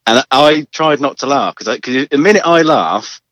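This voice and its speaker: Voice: mid-range voice, expressive, moderate pace, a bit bright, no echo. A podcast co-host chatting casually, crude and laughing hard through the stories. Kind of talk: casual chat.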